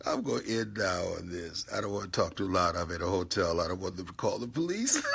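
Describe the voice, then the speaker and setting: A man giving an impassioned live motivational talk from a hotel room, swinging between hushed whispers and loud outbursts. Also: deep voice, animated, fast, vocal fry, slight background noise. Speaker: motivational speaker. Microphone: live stream.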